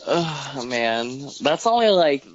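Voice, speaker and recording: A man's voice: mid-range voice, slow pace, slight background noise. A man as podcast guest, telling rambling stories full of swearing and acted-out quotes. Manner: rambling, swearing, animated quoting. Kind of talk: casual storytelling chat. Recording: dull lo-fi home recording.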